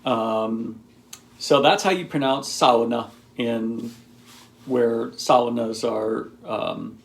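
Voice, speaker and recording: A man's voice: mid-range voice, drawn-out words, gravelly. A man talking casually to camera, rambling and explaining in a teacherly way with lots of ums and asides. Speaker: video blogger.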